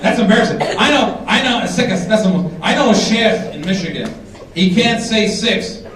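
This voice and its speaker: A man doing stand-up comedy, animated and teasing the audience, sometimes shouting his punchlines. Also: high-pitched, normal speed. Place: large hall with a live audience. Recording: echoey hall, distant mic, crowd.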